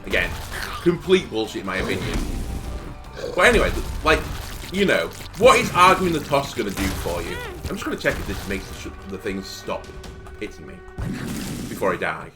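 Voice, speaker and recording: A man's voice: fairly low pitch, sing-song, moderate pace, music in the background. A young man telling a rambling story, full of fillers, while he comments on his game. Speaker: gaming video host. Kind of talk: casual commentary while playing.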